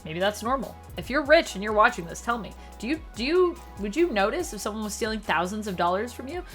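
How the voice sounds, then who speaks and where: A woman giving a casual spoken review of a TV episode, chatty and sarcastic, her voice jumping up and down in pitch and loudness. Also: sing-song, fast, faint music behind. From Canada. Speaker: TV show reviewer.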